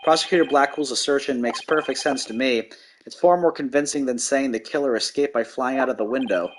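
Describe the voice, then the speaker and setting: A man's voice: mid-range voice, brisk, a little hiss or hum, natural voice. A man voicing a formal, pompous older male judge in a courtroom game. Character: stern older male judge, easily swayed.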